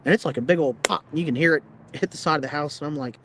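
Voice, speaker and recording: A man's voice: fairly high pitch, quick pace, noisy background. Blunt, plain-spoken man telling a story. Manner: rambling, filler-heavy retelling. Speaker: podcast guest. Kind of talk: casual storytelling.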